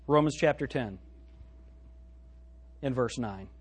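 A man preaching a sermon as pastor, reading scripture aloud and swinging between loud and hushed delivery. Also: fairly high pitch, lively intonation, normal speed, husky. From United States. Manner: quotes scripture in old-fashioned wording.

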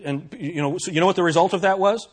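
A man's voice: high voice, fast. A man preaching a sermon to his congregation, asking rhetorical questions and stressing his points. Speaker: pastor.

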